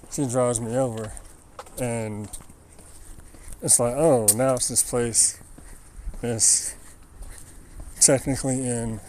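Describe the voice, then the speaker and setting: A man at an everyday middle pitch tells a wry, rambling story to his live stream, leaning on "like" as he goes. He is outdoors, with a faint wash of outdoor noise behind him. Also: rough recording. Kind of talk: casual storytelling.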